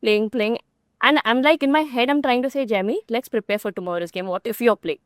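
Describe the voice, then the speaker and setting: A woman's voice: on the high side, no room sound, clean studio sound. A young woman with an Indian accent, a guest telling her personal story candidly and earnestly in an interview. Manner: rapid, earnest retelling with quoted dialogue. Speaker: guest cricketer.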